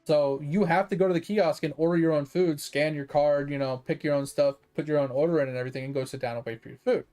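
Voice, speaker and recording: A fairly high-voiced man rants his way through a story on a gaming stream. He talks casually, with lots of fillers and plenty of swearing. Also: steady tone, fast talker, a little mellow, faint music behind. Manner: profane, fired-up storytelling; chatty, with many fillers. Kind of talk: casual livestream rant.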